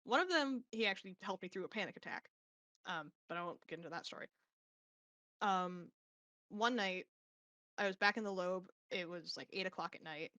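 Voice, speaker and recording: A young adult woman, a podcast guest, telling a story in casual chat with lively, casually profane delivery. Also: lowish voice, moderate pace, pauses often, no echo.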